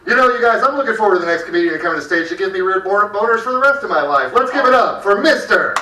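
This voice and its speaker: A man hosts a comedy night with a lively, swinging delivery and crude punchlines. His voice is bright and slightly high. He is heard from a distance in a room with a lot of echo. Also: fast. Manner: animated, crude storytelling. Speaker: comedy show host. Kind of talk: stand-up comedy set. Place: comedy club stage. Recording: echoey club room from far off.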